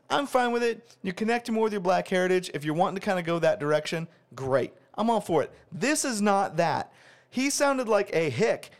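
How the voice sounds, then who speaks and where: A man co-hosting a podcast who talks in an animated, exasperated way, ranting his opinions in casual chat. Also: high voice, normal speed. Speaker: podcast co-host.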